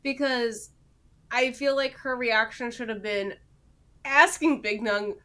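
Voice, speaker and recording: A woman's voice: fairly high pitch, takes it slowly, fairly bright tone. A woman co-hosting a podcast who chats casually about a TV episode, laughing and thinking her reactions through aloud. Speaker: podcast co-host. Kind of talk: casual recap chat.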